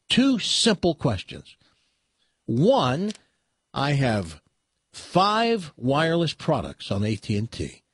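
Man, husky voice, lively pitch swings, exasperated storytelling, dry close sound. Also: no room sound. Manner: exasperated, animated complaining. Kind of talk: casual storytelling, ranting.

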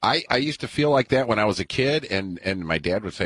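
A man co-hosting a radio show, chatting with quick reactions. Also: lowish voice, expressive, a bit bright, breathy edge, no room sound. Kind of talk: casual banter.

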